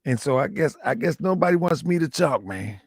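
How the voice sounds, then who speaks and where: Slightly hoarse man, livestream host, chatty and repetitive, dry close sound. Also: on the high side, lively intonation, a little fast, dry recording. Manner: chatty, repetitive, muttering asides while setting up. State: slightly hoarse, lost some voice. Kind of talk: casual livestream chat.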